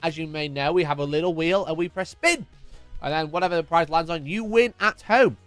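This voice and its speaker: Man, high-pitched voice, casual live-stream host, jokey, greets viewers by name, dry close mic. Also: brisk, a bit bright, no room sound, soft background music. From United Kingdom.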